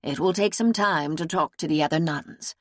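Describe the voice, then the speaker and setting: A kindly, calm nun offers gentle reassurance in a low, even woman's voice, read by an audiobook narrator. The sound is close-miked and dry. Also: normal speed, no echo. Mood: gentle, reassuring.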